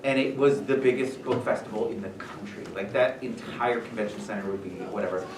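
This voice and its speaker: A man telling stories casually to a school audience as a visiting author, animated and self-deprecating with many fillers. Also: lowish voice, brisk. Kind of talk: casual storytelling talk to students. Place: school room. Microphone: far room mic. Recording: echoey room from far off, noisy.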